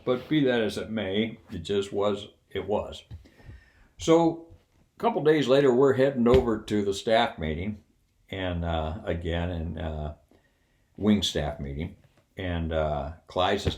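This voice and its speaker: An older man spins his old service stories in a low-pitched voice that swings widely up and down. His delivery is folksy and animated, with a wry humor running through it. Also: a little slow. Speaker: retired Air Force officer telling stories. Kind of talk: casual personal anecdote.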